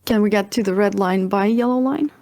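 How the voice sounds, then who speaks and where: A woman with a mid-range voice talking as a player at a tabletop game. She keeps it brisk and matter-of-fact. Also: mid-range voice, darkish tone. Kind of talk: casual table chat.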